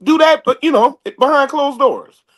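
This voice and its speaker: A man's voice: very high voice, moderate pace. A man on a sports panel, giving his take in a preachy way and repeating "you know what I'm saying.". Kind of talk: casual sports talk.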